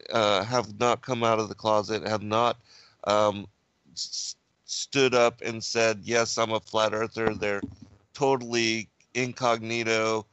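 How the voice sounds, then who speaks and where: Slow-talking male host, lo-fi sound. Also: lowish voice, flat delivery, a bit bright, smooth, dry recording. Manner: slow, with brief affirmations and meandering questions. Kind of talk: casual roundtable hosting. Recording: dull lo-fi audio.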